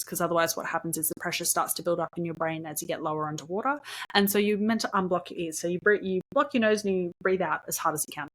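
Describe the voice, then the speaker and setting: A young adult woman hosting her own podcast, telling a story in a chatty, animated way, laughing often and dropping in lots of ums. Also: lowish voice. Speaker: podcast host. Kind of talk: casual storytelling monologue.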